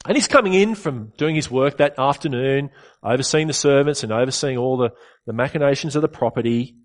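Give me a man preaching, earnest and conversational, at an average pitch. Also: a little fast. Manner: earnest, conversational, asks rhetorical questions. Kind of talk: sermon.

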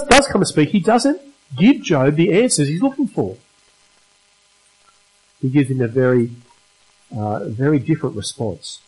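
A man's voice: medium pitch, breathy edge, poor audio. A man preaching a sermon at a church service, emphatic and putting rhetorical questions to the congregation.

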